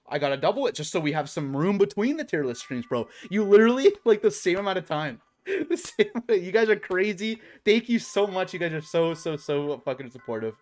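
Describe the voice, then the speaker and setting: A young adult man streaming, telling a work story in casual chat, swearing and saying bro a lot. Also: a little high.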